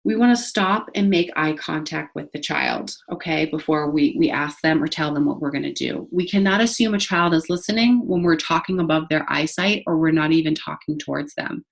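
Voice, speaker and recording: A woman's voice: sits low, moderate pace, vocal fry, few pauses. A woman giving a recorded training talk to childcare staff, speaking conversationally to the camera with many fillers and restarts. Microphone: facing the camera.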